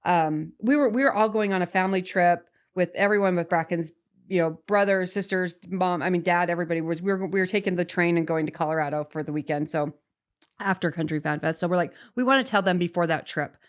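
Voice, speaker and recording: Speaking fast in a lowish voice, a woman in her 40s shares a personal story as a podcast guest. She's chatty and animated, with frequent restarts and small "right?" check-ins.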